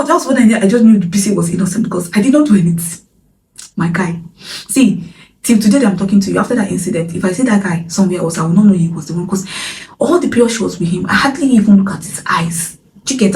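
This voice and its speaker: A young Nigerian woman vlogger tells a personal story in a storytime vlog, candid and dramatic, sometimes dropping to a whisper. Her mid-range voice is creaky with a darkish tone. She sits far from the mic in a roomy, echoey space with faint ambient noise.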